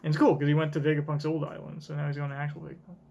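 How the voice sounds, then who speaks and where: A man's voice: fairly high pitch, little pitch movement, racing, creaky, darkish tone. A man streaming a live comic reaction, tossing out casual, chatty asides.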